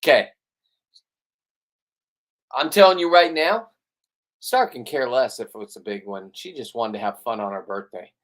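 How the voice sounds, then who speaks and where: A man's voice: mid-range voice, normal speed, long pauses, fairly bright tone. A middle-aged man hosting a fishing vlog from a boat, talking in a brash, boastful, profane way. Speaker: fishing channel host. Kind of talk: casual boastful commentary.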